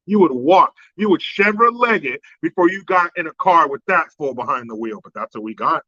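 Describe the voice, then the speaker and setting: A man's voice: high voice, animated, fairly quick, few pauses, pushed and bright, no echo. A man hosting a profane, sarcastic political commentary monologue. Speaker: host. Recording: dry, slightly dull lo-fi sound.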